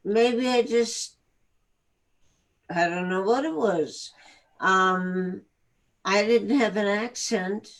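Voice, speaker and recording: A woman from the Bronx with a New York accent, chatting slowly and laughing easily as a guest actress on a live video chat. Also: medium pitch. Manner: slow, relaxed, laughs easily.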